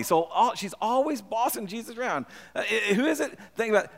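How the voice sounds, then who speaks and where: A man with a high voice preaches a conversational sermon, animated and prone to restating his words for weight. His voice rings with a long hall reverb. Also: a little fast, few pauses. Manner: animated, repeats phrases when emphasizing. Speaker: pastor.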